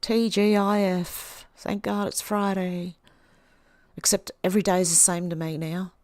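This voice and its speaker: A woman's voice: on the low side, little pitch movement, unhurried, darkish tone, no echo, studio quality. A middle-aged Australian woman hosting a livestream, casually reading viewers' comments aloud and answering them with small laughs. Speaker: livestream host.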